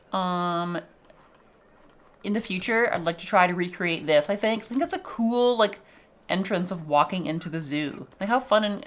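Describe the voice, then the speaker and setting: A woman's voice: fairly low pitch, a bit bright. A young woman casually chatting and swearing as she shows off her zoo game, laughing often. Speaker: vlogger showing a zoo game. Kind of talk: casual gameplay chat.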